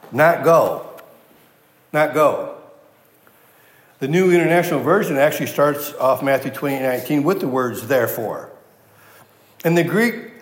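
A man preaching a sermon as a pastor. He speaks emphatically, repeats key words and asks the congregation questions. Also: a little high. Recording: echoey hall reverb.

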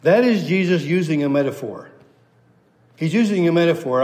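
Emphatic preacher with hall reverb. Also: male voice, on the high side, sing-song, fairly quick, a little mellow. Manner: emphatic, repetitive, reads scripture aloud. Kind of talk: expository sermon.

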